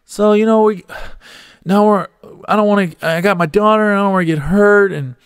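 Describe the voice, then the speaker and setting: A man voicing a jumpy man on the run, who swings from whiny pleading to a hushed apology, for comic effect. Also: high voice, fairly quick, clean tone, no room sound, clean studio sound, voice pushed up.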